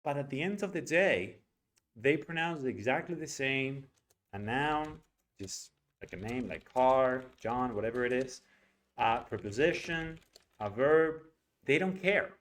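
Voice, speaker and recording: A young man whose first language is Spanish gives a casual spoken pronunciation lesson, animated and acting out sounds as he explains them. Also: medium pitch, measured pace. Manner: animated, demonstrates sounds aloud with filler words. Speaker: English pronunciation teacher.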